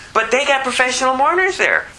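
A man teaching verse by verse from the Bible, lively and conversational, who chuckles at his own asides. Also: extremely high pitch, slight background noise, poor audio.

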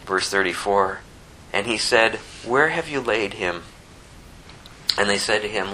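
A man preaching a sermon, moving between impassioned rising emphasis and hushed, slower scripture reading. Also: mid-range voice, a little hiss or hum, rough recording. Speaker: pastor.

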